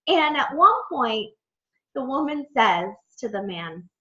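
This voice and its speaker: Chatty woman coach telling stories, bit high voice, echoey muffled room. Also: slow pace. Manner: chatty, animated, lots of "like" and quoted dialogue. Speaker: fitness coach training her team. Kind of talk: casual storytelling talk to a team. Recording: echoey, dull lo-fi room sound.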